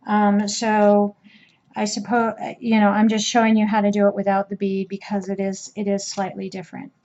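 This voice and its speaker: A woman's voice: mid-range voice, darkish tone, highs cut off. A woman teaching a crochet trim step by step in a casual, chatty way, with fillers and restarts. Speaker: crochet instructor.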